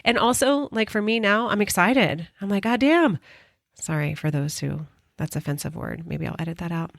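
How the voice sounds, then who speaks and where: A middle-aged woman hosts her own podcast and talks through a personal story, earnest and openly emotional, with casual swearing along the way. Her voice sits a little low. The sound is close and dry, with no room echo. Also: fairly even intonation, moderate pace, creaky. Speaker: podcast host.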